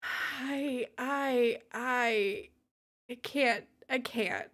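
A woman's voice: a little high, drawn-out words, fairly bright tone. A young woman streaming a life-sim game who keeps exclaiming and breaking into helpless laughter as she greets chat. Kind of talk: live gaming stream chat.

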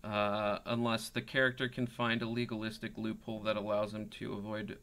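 A man running a tabletop role-playing game as game master, talking in a halting way with many fillers. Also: lowish voice, little pitch movement, noisy background.

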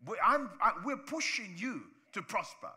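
A male pastor from preaching a sermon in church, animated, acting out voices of people he talks about. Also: high-pitched, normal speed.

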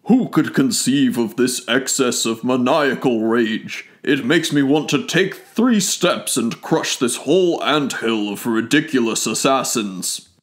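A man voicing a lofty, grave giant alien voyager from Sirius in a storybook reading, speaking in a solemn, measured, declamatory way. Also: mid-range voice, expressive, close to an everyday voice. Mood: indignant. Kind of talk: audiobook character reading.

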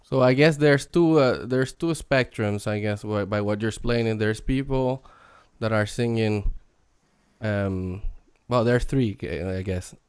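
A man's voice: on the low side, measured pace, darkish tone, clear, resonant tone, dry recording, studio quality. A man hosting an interview, asking questions in a hesitant, searching way. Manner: hesitant, many fillers and restarts. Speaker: interview host.

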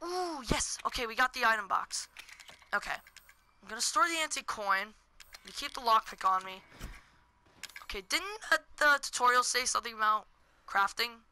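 Teen girl, lively let's-play commentator, bright piercing tone, faint noise behind her. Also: a little high, moderate pace, long pauses, rough recording. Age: teens. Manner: hyper, jumpy, yelps and screams at scares. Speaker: gaming commentator.

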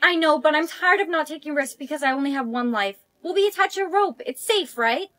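A woman acting in comedic POV skits, excitable and quick to exclaim. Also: high-pitched. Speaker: skit creator.

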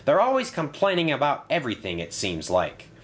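A man's voice: medium pitch, wildly swooping pitch, a little fast, fairly bright tone, voice pushed up. A man voicing a moody, dismissive steam engine in a storybook tale. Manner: grunting, dismissive.

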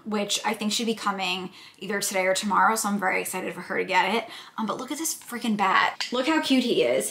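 A woman's voice: medium pitch, fairly bright tone. Chatty young woman, echoey kitchen. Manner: chatty, playful, swears casually, talks to camera. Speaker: vlogger. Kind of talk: casual vlog chat. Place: home kitchen. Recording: echoey room, faint background hiss.

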